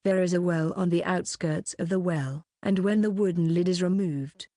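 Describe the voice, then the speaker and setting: A woman reading a web novel aloud as an audiobook narrator, keeping one even voice throughout. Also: fairly low pitch, normal speed, dry recording, studio quality.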